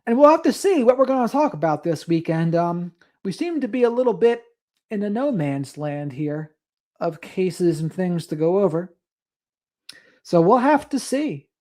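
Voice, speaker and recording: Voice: medium pitch, big pitch swings, moderate pace, a little mellow. A livestream host chatting casually late at night, reading out viewer comments and drifting into rambling asides. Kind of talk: casual late-night live stream chat.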